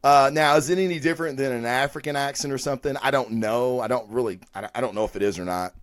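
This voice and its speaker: A man's voice: mid-range voice, fast talker, dry recording, studio quality. A man hosting a weekly live review show, talking casually in a rambling, profane way with lots of fillers and restarts. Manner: rambling, chatty and profane, with frequent fillers and self-corrections. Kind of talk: casual live-stream talk.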